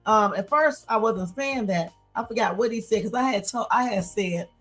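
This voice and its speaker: A woman's voice: mid-range voice, moderate pace, soft background music. Laughing, chatty woman livestreamer. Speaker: livestream host. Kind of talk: casual live stream storytelling.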